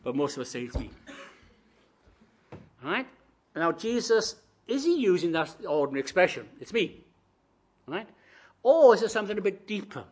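A preacher, a man, delivering a sermon, shifting between quiet reflective musing and loud rising proclamation. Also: sits high, big pitch swings, moderate pace, long pauses.

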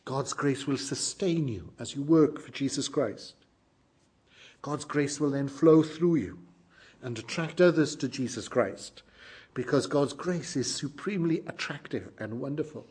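Husky-voiced man preaching a sermon. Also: medium pitch, expressive, measured pace. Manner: earnest, emphatic, swings between loud exclamations and hushed lines.

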